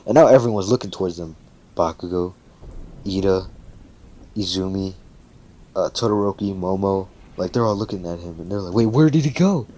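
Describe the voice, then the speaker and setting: A man with a deep, low voice tells a fan-made story in a loose, casual way. He swears freely and keeps tossing in fillers as he goes. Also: fairly even intonation, normal speed, long pauses, warm tone. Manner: loose and profane, with frequent fillers.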